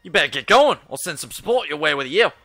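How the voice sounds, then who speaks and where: A man putting on a moody young punk rocker from a game, wistful and a little raised in pitch, with a clumsy fake British accent. The voice is bright and lively, recorded close and dry with faint music underneath. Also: quick pace, no room sound, heavily acted. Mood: gruff. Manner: wistful, with a put-on British accent done badly. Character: brooding young male punk rock singer.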